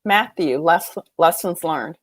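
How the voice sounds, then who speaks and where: A woman's voice: low-pitched, animated, slow, slightly rough, no echo. A woman moderating a panel, handing off to speakers and thanking them politely.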